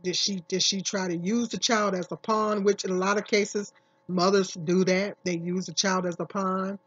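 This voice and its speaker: A woman's voice: medium pitch, fairly even intonation, normal speed, breathy edge. A woman vlogger giving casual, emphatic commentary, repeating herself and asking many questions. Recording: dull lo-fi recording.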